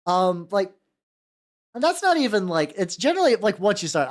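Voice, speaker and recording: With a high, sing-song voice at a moderate pace, a young American painting-stream host chats casually. He wanders from subject to subject, stammers and repeats himself, restarts sentences, and laughs a lot.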